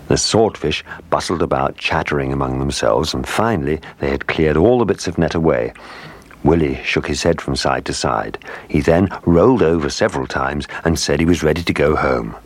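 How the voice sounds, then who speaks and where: A man narrating a children's storybook in a gentle, expressive way. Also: very deep voice, moderate pace, no echo.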